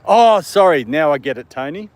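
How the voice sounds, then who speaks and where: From a dog park, an Australian livestream host chats casually, responding to viewer comments and speaking to his dog. He sounds a little high, with lively intonation, at a normal speed.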